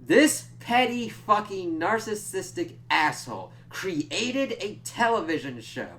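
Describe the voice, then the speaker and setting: A young man with a high, sing-song, fairly bright voice talks slowly while casually reviewing a TV episode. He rambles, swears freely, and acts out quoted lines of dialogue.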